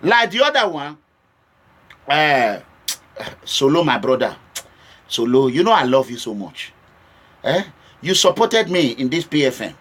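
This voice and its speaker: A Nigerian man with a high voice addresses his audience directly. His talk is impassioned and switches between stern warnings and urgent pleading. His tone is bright and forceful. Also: sing-song, a little slow, long pauses. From Edo State, Nigeria. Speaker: political vlogger. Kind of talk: direct-to-camera political address.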